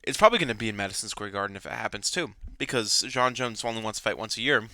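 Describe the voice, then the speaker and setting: A man's voice: on the low side, animated, quick pace, pushed and bright, no echo. A young man ranting angrily about fights, swearing and repeating himself. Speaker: MMA commentator. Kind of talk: ranting fan commentary.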